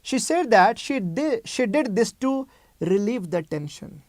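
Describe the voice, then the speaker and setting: A man's voice: high voice, a little mellow, no room sound. A male medical lecturer teaching a clinical case, repeating key terms and asking rhetorical questions.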